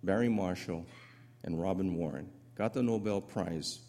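A man giving a medical lecture over slides, telling the story in an animated, conversational way with asides to the audience. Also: low-pitched, normal speed.

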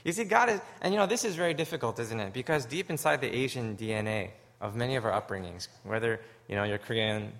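A man from Canada preaching a sermon, earnest and story-driven, swinging from hushed, low moments to loud, emphatic ones. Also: quick pace, few pauses. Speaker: pastor.

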